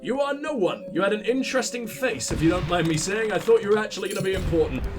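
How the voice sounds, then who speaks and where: A man's voice: high voice, quick pace, music in the background. A man with a stuffy cold, rambling and swearing sarcastically while commentating his own gameplay. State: congested with a cold or flu. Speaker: let's play host.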